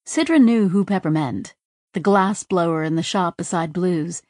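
A woman reading a novel aloud in a measured, unhurried style of scripted narration. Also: on the low side, a little mellow, no room sound, studio quality. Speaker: audiobook narrator.

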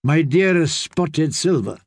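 A man's voice: on the high side, animated, takes it slowly, no room sound, studio quality, pitched above the performer's own voice, full character voice. A man reading an audiobook, voicing a proud young princess who speaks persuasively and soothingly.

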